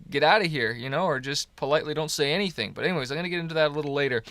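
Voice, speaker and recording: On an early morning when he's tired, a Canadian man in his thirties rambles encouragingly through a casual motivational podcast, upbeat and full of fillers. His voice is on the high side and a bit bright, with no room sound.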